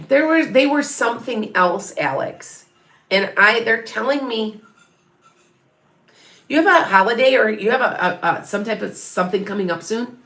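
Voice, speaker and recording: In a roomy, echoing space, a middle-aged woman does psychic readings for viewers. Her mid-range voice has a slightly bright quality, and she chats in a meandering way, often starting over and fixing what she just said.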